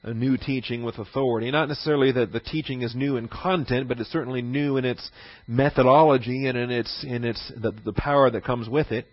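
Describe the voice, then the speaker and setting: A man's voice: medium pitch, steady tone, fairly quick, dry recording, lo-fi sound. A man teaching through a Bible passage, repeating key phrases and posing rhetorical questions to his listeners.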